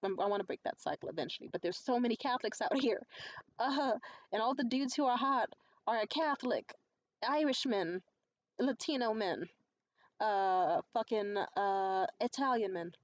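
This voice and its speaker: A young adult woman in a casual vlog monologue, telling stories in a blunt, profane and animated way. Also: a little high, normal speed, dull audio. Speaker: vlogger.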